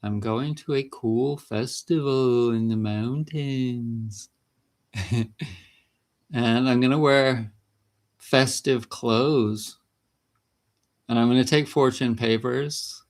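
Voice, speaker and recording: A man's voice: mid-range voice, takes it slowly, pauses often. A man vlogging about natural health in a casual, rambling monologue, chatty and laughing between sentences.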